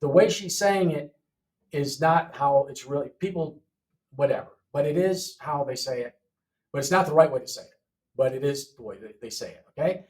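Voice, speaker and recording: A man leads an English lesson and works through words one at a time, repeating each for his learners. His voice sits fairly high for a man, and he keeps checking in with a quick "okay?". He sounds a step away from the microphone. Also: darkish tone, distant mic. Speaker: English teacher. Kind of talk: classroom lesson walkthrough.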